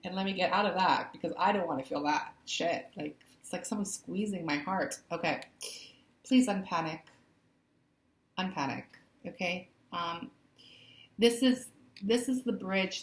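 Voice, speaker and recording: A woman spiritual coach giving a casual tarot reading, talking straight to her viewers, laughing easily and often saying "um". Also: fairly low pitch. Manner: laughs easily, says "um", direct address. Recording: echoey room.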